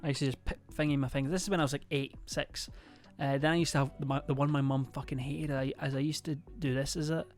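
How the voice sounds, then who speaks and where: A man's voice: medium pitch, level tone, fast talker, hardly any pauses, soft background music. A young man, chatting casually to his stream in a rambling, hesitant way full of fillers and swearing.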